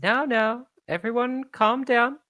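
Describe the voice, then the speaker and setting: A woman voicing a pompous male tournament announcer who tries to calm a rowdy crowd. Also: fairly high pitch, slow pace, dry recording, pitched above the performer's own voice. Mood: stern. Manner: fussy, placating, announcer's flourish.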